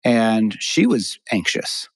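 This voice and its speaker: A man's voice: on the low side, big pitch swings, slow pace, breathy edge. A man hosting a podcast, telling a rambling story in casual conversation, often restarting his sentences. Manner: rambling, self-interrupting storyteller. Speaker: podcast host.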